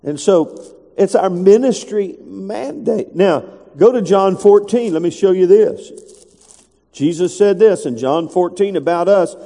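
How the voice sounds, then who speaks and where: A man's voice: high-pitched, animated, measured pace, vocal fry, mellow. A man preaching a sermon, reading scripture aloud in a conversational way and rising to emphatic calls to the congregation. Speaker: pastor. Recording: long reverb of a church hall.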